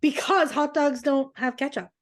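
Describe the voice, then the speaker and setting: Chatty woman on a podcast, slightly high voice, laughs a lot while telling stories. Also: moderate pace. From Canada. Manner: animated storyteller, laughs often, does voices of her dad. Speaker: podcast co-host. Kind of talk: casual chat.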